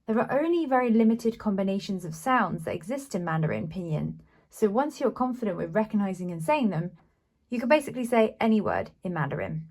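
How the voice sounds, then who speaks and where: A woman's voice: medium pitch, animated, brisk, a little mellow. A woman teaching a beginners' Mandarin lesson, explaining patiently and sounding out syllables with care. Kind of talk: slow, clear language lesson.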